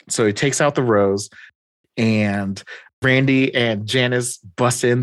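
A man's voice: mid-range voice, fairly even intonation, a little slow, dry recording. A man casually recapping a comic story, acting out the characters' lines and laughing often. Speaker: podcast host recapping comics. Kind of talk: casual chat.

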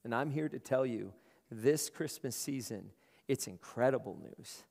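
A man's voice: medium pitch, measured pace, vocal fry, darkish tone. A male pastor preaching a conversational sermon, often repeating words as he starts his phrases. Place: large room. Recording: long hall reverb.

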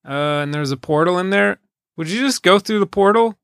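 Gravelly man in casual chat. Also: high-pitched, expressive, a little fast, a bit bright, no room sound, clean studio sound. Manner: casual, argumentative, laughs easily. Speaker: podcast co-host.

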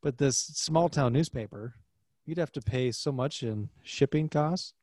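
A man's voice: mid-range voice, unhurried, a little mellow, no room sound. A man co-hosting a movie podcast in easygoing casual chat with dry asides. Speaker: podcast co-host.

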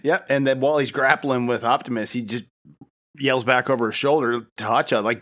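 A man's voice: medium pitch, fairly even intonation, brisk, fairly bright tone. A man co-hosting a podcast, casually recapping a cartoon episode with dry sarcastic asides and rhetorical questions. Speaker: podcast co-host.

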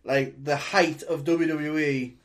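A man's voice: fairly high pitch, fairly even intonation, slow pace. A man co-hosting a podcast in casual chat, teasing the others and quizzing them. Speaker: podcast co-host.

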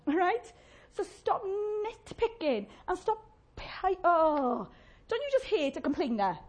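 A woman's voice: very high-pitched, very animated, takes it slowly. A woman preaching a chatty, humorous sermon, acting out little voices of complainers.

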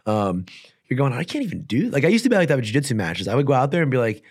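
On an audio-only podcast, a guest fighter rambles fast through stories in casual interview chat, using lots of fillers. His mid-range voice swings widely in pitch.

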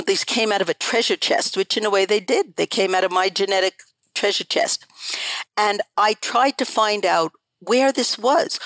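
A woman's voice: medium pitch, a bit bright, no echo, rough recording. Older lady guest, earnest and emphatic, keeps repeating for stress, dry close sound. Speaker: interview guest. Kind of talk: conversational storytelling.

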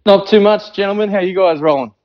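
A man's voice: sits high, fast talker, no room sound, lo-fi sound. A man with an Australian accent calling in as a podcast guest, joking, swearing and laughing often. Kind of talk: casual call-in chat.

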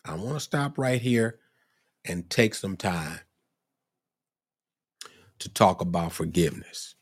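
A man preaching a sermon, exhorting and working himself up with cries of praise and long drawn-out phrases. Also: low-pitched, slightly rough. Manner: exhorting, rising to excited shouts of praise.

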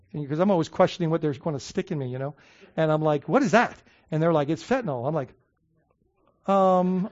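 A man preaching a sermon in a loose, conversational way, with lots of fillers and restarts, who slows down to stress his points. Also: on the high side, darkish tone. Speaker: pastor. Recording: dull lo-fi sound.

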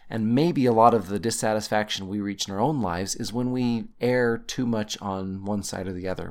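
Emphatic man teaching scripture. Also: lowish voice. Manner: emphatic, teacherly, stresses key words. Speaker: podcast host teaching scripture. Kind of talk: conversational scripture discussion.

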